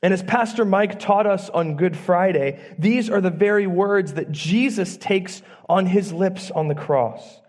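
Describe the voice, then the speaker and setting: A man preaching a sermon in church, earnest and emphatic, using dramatic pauses. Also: high-pitched, darkish tone. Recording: long church reverb.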